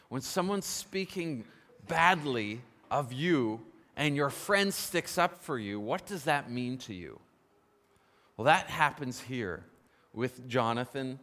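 A man preaching a sermon, telling a story with lively emphasis and posing questions to the congregation. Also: medium pitch. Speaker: pastor. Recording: long reverb of a large hall.

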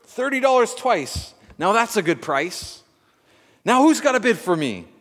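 A man voicing an eager male auctioneer, calling out bids loudly and rapidly. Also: high-pitched, very animated, in a large hall, pitched above the performer's own voice, full character voice. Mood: coaxing. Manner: loud, rapid bid-calling.

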